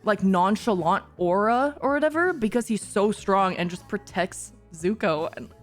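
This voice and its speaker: A woman streamer chats casually in a mid-pitched voice, gushing and giggling as she reacts to a show. She is excitable and swears freely. Soft music plays faintly underneath. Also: normal speed.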